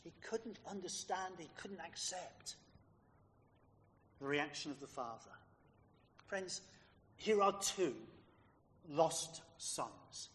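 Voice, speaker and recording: A man's voice: a little high, lively intonation, slow, long pauses, fairly bright tone, long reverb tail. A man preaching a sermon, emphatic and fond of rhetorical questions put to his listeners.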